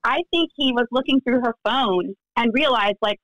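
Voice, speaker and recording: A woman guest on a podcast interview, recounting events in an animated way and acting out the voices of others. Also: a little high, normal speed, hardly any pauses, no room sound, highs cut off. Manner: animated storytelling, acts out quoted dialogue. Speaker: interview guest, friend of the deceased.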